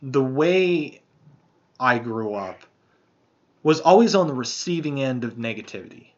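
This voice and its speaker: A man's voice: medium pitch, lively intonation, measured pace. A man hosting a podcast, talking casually in a rambling, profane, soul-searching way. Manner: rambling, profane, introspective storytelling. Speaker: podcast host. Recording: dull lo-fi sound.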